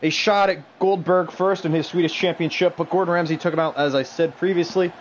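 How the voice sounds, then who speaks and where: A man's voice: a little high, fairly even intonation, fairly quick, slight background noise, low-quality recording. A man streaming a wrestling video game, calling the action in a bombastic mock announcer voice and bantering with the chat.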